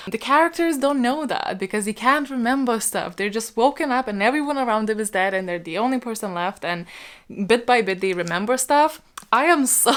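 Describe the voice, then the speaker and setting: A woman hosting a book vlog in casual chat, excitable and gushing, laughing often as she talks. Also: on the high side. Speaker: book vlogger host.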